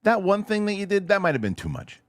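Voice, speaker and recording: A man's voice: high-pitched, huge pitch swings, fast talker, slight background noise. A man hosting a casual interview, eager and affirming, often restarting his sentences. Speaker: interview host.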